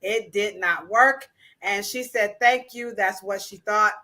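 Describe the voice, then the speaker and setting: A woman's voice: mid-range voice, slow pace, bright, forceful tone. A woman hosting a casual livestream chat, playful and teasing, with slangy mock-scolding asides. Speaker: livestream host.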